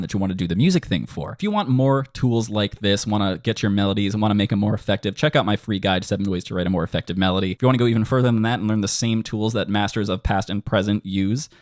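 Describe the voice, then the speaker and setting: A man teaching melody writing in a casual tutorial, animated and quick, now and then singing bits of lyrics. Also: on the low side, no echo, studio quality. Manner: animated, quick bursts, sings snippets of lyrics. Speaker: music composition teacher.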